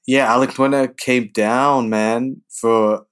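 A man's voice: medium pitch, fairly even intonation, takes it slowly, a bit bright, smooth. Playful laughing male podcast co-host. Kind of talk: casual chat.

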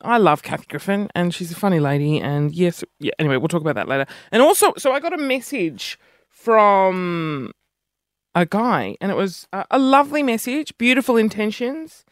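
A man's voice: high voice, very animated, moderate pace, no room sound, clean studio sound. A man with an Australian accent, chatting in a rambling, self-mocking vlog monologue that jumps between topics. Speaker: vlogger. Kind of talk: casual monologue to camera.

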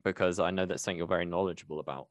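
A man's voice: low voice, steady tone, rapid-fire, no echo. A man from the United Kingdom, talking casually and thoughtfully on a podcast. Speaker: podcast co-host, pitch team member.

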